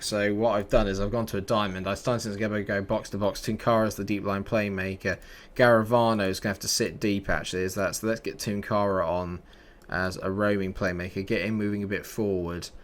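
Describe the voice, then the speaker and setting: A young man commentating his own football management game in a casual way, grumbling under his breath and breaking into exasperated outbursts. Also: fairly low pitch. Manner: exasperated, swings from mutters to outbursts. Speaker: gaming YouTuber. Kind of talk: casual let's-play commentary.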